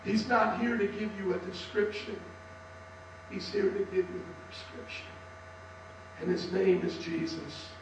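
High-voiced pastor with a worn voice. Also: male voice, steady tone, unhurried, gravelly. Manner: impassioned, swings to shouting for emphasis. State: strained, worn voice. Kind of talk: sermon. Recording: echoey hall from far off with faint hum.

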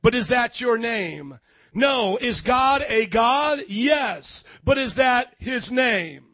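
Man, pastor, very high voice, preaching with call-and-response, dry muffled audio. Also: animated, slow pace, dry recording. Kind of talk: sermon.

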